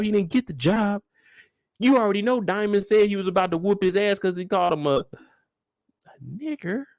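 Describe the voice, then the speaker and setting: A young man hosting a live after-show recap, talking in an animated, incredulous and profane way. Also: very high voice, dry recording. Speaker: host.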